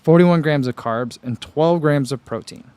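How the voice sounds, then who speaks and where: A man's voice: a little high, a little slow, a little mellow, clean tone, no echo. Man, casual livestream host, rambling, easygoing, lots of fillers, dry close sound. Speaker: running channel host reading live chat.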